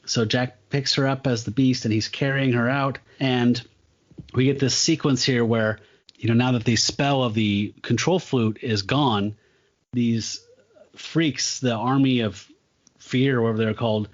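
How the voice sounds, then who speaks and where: A man's voice: mid-range voice, steady tone, unhurried, lo-fi sound. Enthusiastic man recapping a comic. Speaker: comic book podcast co-host. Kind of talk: casual chat.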